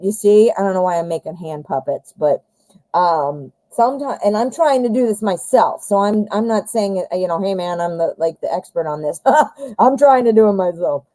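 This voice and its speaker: A woman's voice: medium pitch, normal speed, mellow, dry recording, poor audio. A woman giving a live-stream tarot reading, chatting directly to viewers with lots of fillers and friendly asides. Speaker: tarot reader.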